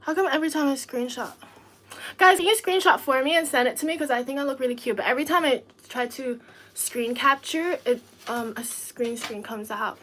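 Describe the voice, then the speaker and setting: A woman chatting casually to viewers on a livestream, talking in quick, giggly bursts of excitement. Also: sits high, slight background noise.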